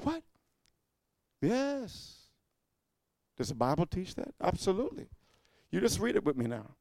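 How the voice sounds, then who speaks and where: A man preaching a fiery sermon, repeating "amen" and swinging from low muttering to shouting. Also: very animated, fast talker, vocal fry, no room sound. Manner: repetitive call-and-response, frequent "amen".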